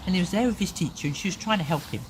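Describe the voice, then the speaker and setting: A woman telling a story to a child in an animated way, often asking the listener questions, recorded with a noisy background. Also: fairly low pitch, racing.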